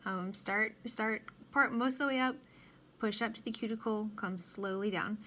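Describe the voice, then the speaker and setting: A woman's voice: medium pitch, normal speed, a bit bright, slight background noise. A woman hosting a casual home tutorial, chatting unhurriedly and narrating each step as she works in her dining room. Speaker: nail tutorial host. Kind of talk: casual how-to demonstration.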